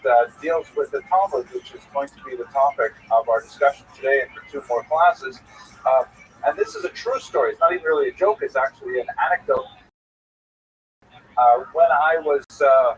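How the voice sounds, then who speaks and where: A middle-aged man teaching a class tells a story in a loose, rambling way, full of ums and restarts. His voice sits in an ordinary middle register. He is picked up from some distance, with a faint hiss in the background. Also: mid-range voice. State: a little flustered after rushing. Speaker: rabbi giving a Talmud class. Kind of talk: lecture with personal anecdote. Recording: distant mic with faint noise.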